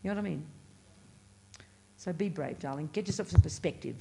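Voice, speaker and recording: Emphatic woman Buddhist teacher, fairly low voice. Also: fairly quick, gravelly, mellow. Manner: emphatic, blunt and playful; pitch leaps up on stressed words. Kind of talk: teaching a class. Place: meditation center classroom.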